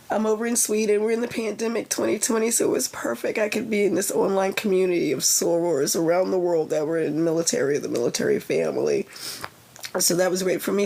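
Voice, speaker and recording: Creaky, husky middle-aged woman chatting live. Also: medium pitch, a little mellow. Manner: rambling, digressive and heartfelt. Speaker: yoga teacher and author. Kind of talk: casual live-stream chat. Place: lying in a sauna bag at home.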